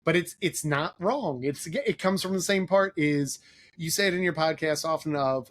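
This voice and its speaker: A man with a fairly high voice hosts a podcast conversation in a relaxed, meandering way. He strings thoughts together loosely and fills the gaps with "like" and "um." His delivery stays easygoing throughout. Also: unhurried. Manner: rambling, filler-heavy, leans on "like". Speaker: podcast host. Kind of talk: casual interview chat.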